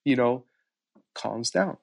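A man's voice: medium pitch, expressive, takes it slowly, gravelly, heavily acted. Guy playing a confused dignitary, keeps asking what just happened. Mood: puzzled. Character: puzzled, curious male dignitary.

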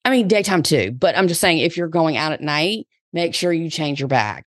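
A woman's voice: deep voice, animated, normal speed, no room sound, studio quality. A woman in her forties with a Southern US accent, hosting a solo podcast in a chatty, upbeat, slangy way. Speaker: podcast host.

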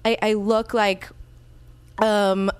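A woman hosts a casual podcast and tells her stories with real animation, slipping into the voices of the people she quotes. Her voice is smooth and clear, recorded close and dry with no room sound at all. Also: mid-range voice, drawn-out words, no echo. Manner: animated, acts out quoted people, swears freely. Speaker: podcast host. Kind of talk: casual storytelling chat.

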